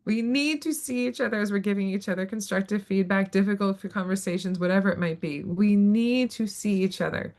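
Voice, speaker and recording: A woman speaking as a panelist on a webinar, emphatic and lively, acting out little quoted exchanges as she explains. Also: medium pitch, fairly quick, few pauses. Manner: emphatic, acts out quoted voices. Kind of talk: animated webinar talk. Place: video call.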